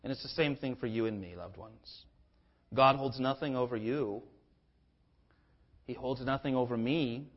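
A man preaching a sermon with impassioned swings in pitch and loudness, sometimes acting out the speakers in his text in a conversational voice. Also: unhurried, long pauses, highs cut off. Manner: acts out biblical speakers in a conversational voice. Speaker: pastor.

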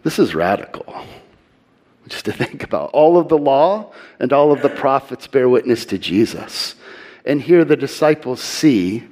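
A man giving earnest sermon-style Bible teaching, slowing and softening his voice for emphasis. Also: medium pitch.

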